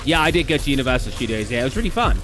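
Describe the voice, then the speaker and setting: A young British man streaming live, telling rambling travel stories in casual chat, full of fillers and quick laughs. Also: mid-range voice, big pitch swings. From Britain. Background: faint game music.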